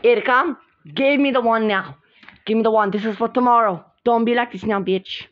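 A woman performing the voices of several bickering girls in a home-made doll drama. She jumps quickly between characters, gasping and shouting through the arguments. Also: on the high side. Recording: dull lo-fi home recording.

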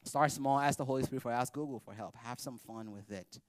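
A male pastor preaching a sermon in a joking, animated storytelling manner. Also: mid-range voice, brisk, no echo, studio quality. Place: church.

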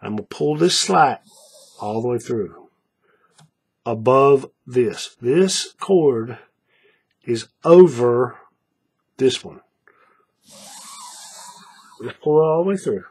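A man's voice: mid-range voice, expressive, takes it slowly, pauses often, a little mellow, breathy edge. A man teaching a paracord bracelet step by step in a folksy tutorial, repeating each move and checking in with viewers. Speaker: paracord craft instructor. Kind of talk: hands-on tutorial narration.

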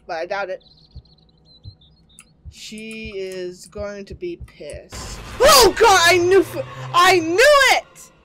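Excitable, sarcastic woman gaming. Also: a little high. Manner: excitable, sarcastic, swears and laughs a lot. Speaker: gaming streamer. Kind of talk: let's play commentary.

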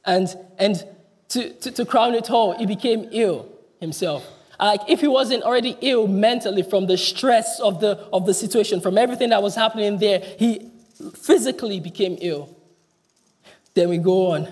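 A man preaching a sermon in earnest, stumbling and restarting often, dropping his voice low when he quotes a cry. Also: moderate pace, darkish tone. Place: church hall. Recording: long church hall reverb.

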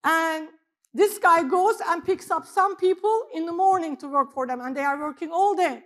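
A middle-aged woman pastor, preaching a sermon in an animated storytelling way that swings between loud emphasis and quiet asides. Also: very high voice, normal speed.

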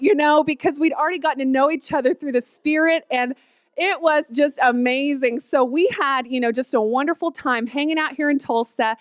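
A woman, telling her personal testimony in an animated, storytelling way. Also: sits high, moderate pace, dry recording. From Oklahoma, USA. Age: 30s. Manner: animated storytelling, quotes herself with squeals and laughs.

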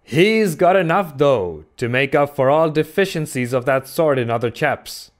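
A man voicing a ragged old sailor prophet who speaks with earnest, dark insistence in old-salt dialect, in an audiobook reading. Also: medium pitch, moderate pace, voice pushed up, lightly acted. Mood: ominous. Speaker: audiobook reader.

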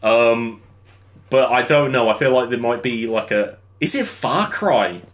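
A man's voice: mid-range voice, expressive, measured pace. A young man streaming a game, chatting with viewers while he builds and laughing easily. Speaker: livestreamer. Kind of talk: casual gameplay commentary.

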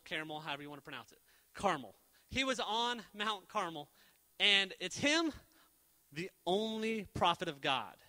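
High bright young man preaching in a reverberant hall. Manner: animated storyteller acting out characters in quick quoted voices; jokey. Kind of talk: casual youth sermon. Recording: long reverb of a church hall.

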